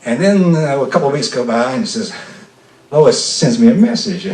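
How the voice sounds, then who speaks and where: A man's voice: fairly high pitch, expressive, moderate pace. An older man from the American South telling a folksy, self-deprecating story live on a festival stage, often stammering and restarting. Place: festival stage before an audience. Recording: roomy sound from a distant mic.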